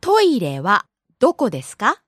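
A woman teaching on a language podcast, patiently modeling words and pronunciation. Her fairly high voice moves a lot in pitch, with a soft, breathy edge. It is recorded dry and close. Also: wildly swooping pitch, fast talker, no room sound. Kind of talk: casual language lesson.

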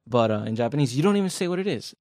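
A man talks through a language lesson in a relaxed, chatty way, joking as he explains and piling on everyday examples. His voice sits mid-range, and the sound is close and dry with no room around it. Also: mid-range voice, racing, no room sound. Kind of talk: casual podcast lesson.

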